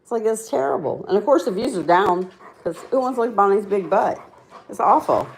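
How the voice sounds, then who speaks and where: A woman's voice: medium pitch, expressive, fairly quick, a little hiss or hum. A middle-aged woman, chatting casually with viewers on a livestream and laughing often at herself. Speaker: livestream host.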